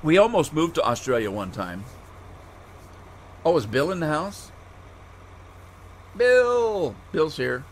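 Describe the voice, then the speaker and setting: Here a middle-aged man from the United States rambles easygoingly while playing a farming game on stream, greeting viewers by name. His medium-pitched voice is sing-song at a normal speed, he pauses often, and there's slight background noise.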